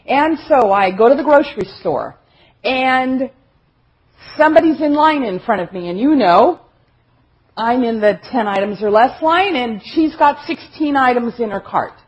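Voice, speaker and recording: A woman's voice: on the high side, animated, measured pace, slightly rough. A woman giving an earnest, emphatic teaching talk at a conference, repeating phrases for effect. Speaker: conference speaker. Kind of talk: sermon-style teaching talk. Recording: dull, lo-fi recording.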